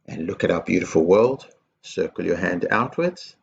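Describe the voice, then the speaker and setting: A man leading a school assembly for young children, slow and encouraging, guiding actions and chants. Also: sits low, lively intonation, gravelly, muffled recording, slight background noise. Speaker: headteacher. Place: school office.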